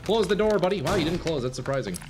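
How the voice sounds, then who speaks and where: Young male game streamer, lively voice. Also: a little high, fast talker, music in the background. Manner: chatty, calls people bro and brother. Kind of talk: live gameplay commentary. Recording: steady noise behind the voice.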